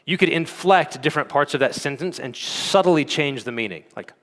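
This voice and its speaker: Long reverb from the conference hall surrounds a man teaching in a chatty manner, sprinkling in fillers and asking the audience "okay?" often. His slightly high voice is expressive and a touch bright, at a moderate pace.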